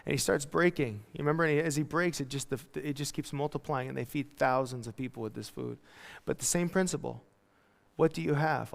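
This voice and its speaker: A male pastor preaching a casual, animated sermon, acting out quotes as he goes. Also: fairly high pitch, a little fast, vocal fry, big-room sound. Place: church hall.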